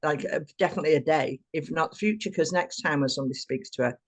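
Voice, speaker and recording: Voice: medium pitch, quick pace. A podcast co-host with a mid-range voice reflects aloud in an encouraging way. The speech is loosely structured and often ends on rhetorical tag questions that invite agreement. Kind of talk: supportive conversational reflection.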